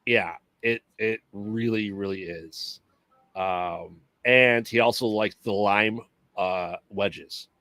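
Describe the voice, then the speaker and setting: A man co-hosting a podcast, chatting casually and explaining things in a relaxed, easygoing way. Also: fairly low pitch, slow pace, dry recording. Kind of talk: casual chat.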